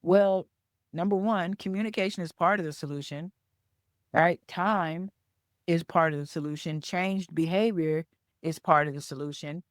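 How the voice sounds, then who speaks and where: A woman's voice: on the low side, moderate pace, no room sound, studio quality. A woman hosting a solo podcast, teaching through a conversational story and checking in with the listener as she talks. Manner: conversational storyteller, keeps checking in with "okay?" and "right?"; repeats words for emphasis. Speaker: podcast host and business coach.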